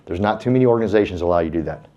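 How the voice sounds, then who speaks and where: Low, dark-voiced man, fired up. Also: racing, muffled recording. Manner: folksy and fired-up, preacher-like urging. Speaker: real estate team speaker. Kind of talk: motivational speech to a live audience.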